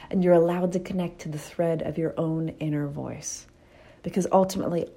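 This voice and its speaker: Mellow-voiced woman giving motivational talk. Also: sits low. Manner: candid, storytelling, with casual swearing.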